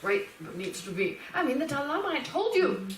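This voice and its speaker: A woman teaching Buddhist philosophy as a lecture, lively and animated, laughing and acting out little quotes as she explains. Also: sits high, a little fast, slight background noise. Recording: roomy hall, speaker far from the mic.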